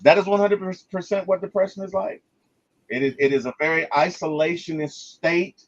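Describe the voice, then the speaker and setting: A man gives a casual movie review in an emphatic way, often stammering and restarting as he retells what happens on screen. His voice sits a little high for a man. The recording is dull and lo-fi. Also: normal speed.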